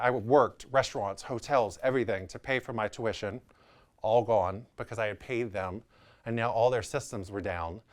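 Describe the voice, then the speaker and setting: A man in his thirties with a New Orleans accent, telling a personal story candidly and acting out the people in it. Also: fairly low pitch. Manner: animated, candid, quotes people in their voices. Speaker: real estate agent.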